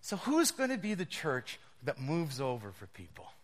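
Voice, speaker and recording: A male pastor preaching a storytelling sermon, animated and often laughing as he tells his stories. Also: fairly high pitch, moderate pace. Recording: long reverb of a large hall.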